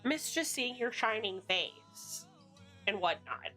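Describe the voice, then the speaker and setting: A woman's voice: fairly high pitch, lively intonation, slow, pushed and bright, faint music behind. A woman streamer chatting playfully to her chat, her voice strained. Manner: playful, chatty, addresses chat, slips into song snippets.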